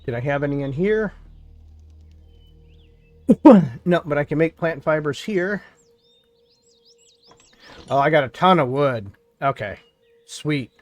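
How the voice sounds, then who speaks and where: A man from New York State streams a survival game and chats loosely with his viewers. His voice sits a touch high, and he rambles and thinks aloud as he plays. Faint music plays under him. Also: expressive, slow pace, pauses often, no room sound. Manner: rambling and chatty, thinks aloud, talks to chat. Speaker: gaming streamer. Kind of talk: casual live-stream chat while playing.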